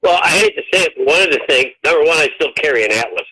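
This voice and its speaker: A man's voice: a little high, lively intonation, rapid-fire, bright, forceful tone, breathy edge. An older man, a touring comedian, telling profane road stories on a phone call. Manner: profane, ranting storyteller. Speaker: guest comedian. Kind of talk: casual storytelling. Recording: tinny phone line.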